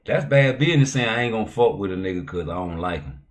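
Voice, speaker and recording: Deep-voiced man ranting on a livestream. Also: lively intonation, fast. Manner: loose, profane slang-heavy banter; heated, rising to loud outbursts. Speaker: livestream host. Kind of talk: casual livestream talk.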